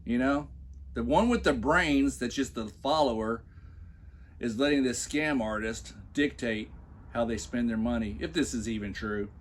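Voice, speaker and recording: A man's voice: mid-range voice, moderate pace. Sarcastic man reading a post aloud. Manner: sarcastic, scornful asides. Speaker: commentary vlogger. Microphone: phone.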